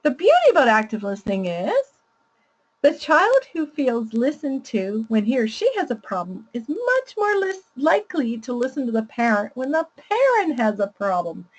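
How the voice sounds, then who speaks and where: A woman teaching parents with a lively, fairly high voice that rises and falls a lot. She explains patiently and laughs easily as she goes. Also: normal speed, slightly rough, poor audio. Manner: warm, explanatory, laughs readily. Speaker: parenting educator. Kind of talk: teaching presentation.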